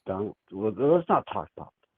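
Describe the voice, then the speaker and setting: A man's voice: fairly low pitch, very animated, normal speed, breathy edge, no echo. A man calling into a show over the phone, rambling in a crude, laid-back way with lots of fillers. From United States. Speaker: caller. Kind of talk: casual phone chat. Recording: tinny phone line.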